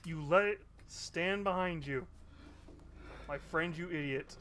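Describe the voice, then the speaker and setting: A man's voice: fairly high pitch, slow, a bit bright, slight background noise. A man streaming live, reacting to spooky videos in a blunt, skeptical way and swearing freely. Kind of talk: casual live reaction commentary.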